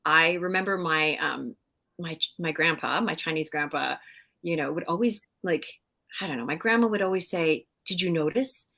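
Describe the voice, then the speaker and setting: A middle-aged woman, a guest in a casual interview, telling animated stories with frequent laughs and fillers. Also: low-pitched, moderate pace, vocal fry. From Canada. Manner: animated storyteller, laughs often, many fillers. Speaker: guest actress.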